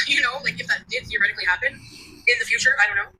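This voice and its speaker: A woman venting on a livestream, profane and ranting, going from angry outbursts to quieter talk. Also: fairly high pitch, expressive, fast, slight background noise, poor audio.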